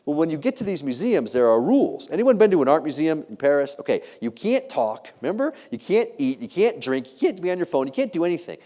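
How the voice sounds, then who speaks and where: A middle-aged man delivers a keynote with a fairly high, very lively voice that swoops up and down as he jokes. He tells stories to a live audience and acts out the voices of the people in them. His voice rings with the long reverb of a large hall. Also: fast talker, hardly any pauses. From United States. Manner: animated, jokey, acts out quoted voices. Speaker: keynote speaker. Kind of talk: motivational keynote storytelling.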